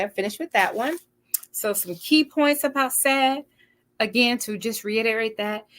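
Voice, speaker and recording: A woman's voice: mid-range voice, fairly bright tone. An earnest woman hosts an inspirational broadcast. She reads passages aloud and then talks straight to the viewers. Her tone is encouraging and preacher-like, with a mid-range voice. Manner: speaks directly to viewers. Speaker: host. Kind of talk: inspirational talk, reading aloud and commenting.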